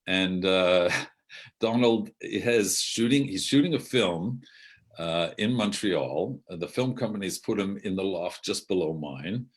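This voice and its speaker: A man's voice: low-pitched, lively intonation, a little slow, husky. An older man, a theatre director, telling rambling anecdotes with many self-corrections and asides. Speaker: outgoing theatre artistic director.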